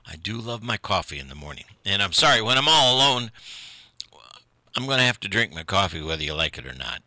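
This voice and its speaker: A man's voice: deep voice, pushed and bright, no echo. An older man, hosting a local radio show alone in a folksy, rambling, self-deprecating way, often chuckling. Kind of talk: rambling solo radio chat.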